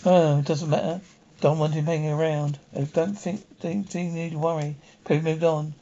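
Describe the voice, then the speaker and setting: An actor playing a steady, matter-of-fact police inspector, from a 1960s television drama. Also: male voice, fairly high pitch, a little fast, natural voice. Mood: reassuring. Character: calm, reassuring police inspector. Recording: dull 1960s television soundtrack.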